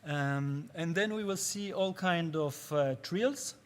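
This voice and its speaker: Man teaching a workshop, slightly high voice. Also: over loud music. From Israel. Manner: patient, halting, searches for words in non-native English. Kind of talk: spoken workshop lecture.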